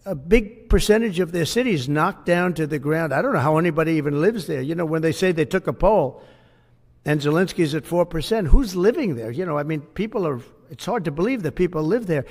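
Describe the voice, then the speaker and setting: A man's voice: on the high side, animated, a little fast, a little mellow. An older man, a politician, making blunt, repetitive off-the-cuff remarks in a played clip. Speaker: politician at a press event. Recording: played clip with long reverb.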